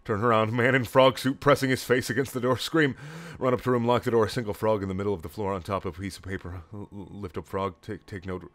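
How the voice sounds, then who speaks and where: A young man reading a comedic story aloud in clipped, deadpan lines with sudden loud outbursts. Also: lowish voice, fast talker, dry recording.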